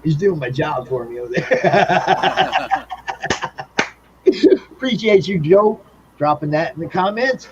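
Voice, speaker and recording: Lively upbeat male podcast host. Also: on the high side, noisy background. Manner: upbeat, playful, quick to laugh. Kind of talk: casual interview chat. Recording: dull lo-fi audio.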